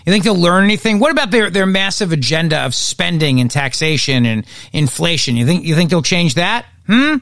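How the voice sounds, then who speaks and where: A man's voice: fairly high pitch, fairly quick, few pauses, a bit bright, dry recording, studio quality. A man hosting a political commentary podcast, talking in a sarcastic, mocking way. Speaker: podcast host.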